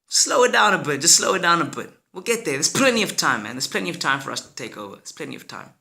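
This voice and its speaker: An easygoing young villager who keeps telling his friend to relax, as a man voices him in a story. The voice sits high and bright, with a gravelly edge. He swings up and down as he soothes. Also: big pitch swings, fast talker, heavily acted. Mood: laid-back. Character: laid-back young male friend, calming.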